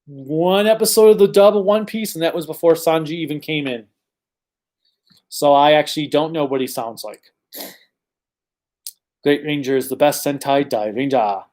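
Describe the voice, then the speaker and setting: A fairly high-voiced man talks through viewer questions on a casual livestream. He rambles and corrects himself, with plenty of ums between thoughts. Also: a little mellow. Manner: chatty, rambling, many ums and self-corrections. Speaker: channel host answering viewer questions.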